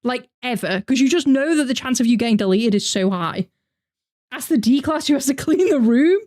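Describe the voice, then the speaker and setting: A woman's voice: sits high, animated, fairly quick, darkish tone. A young woman with a northern English accent, chatting animatedly on a live reaction stream and answering her chat. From north of England. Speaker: VTuber streamer.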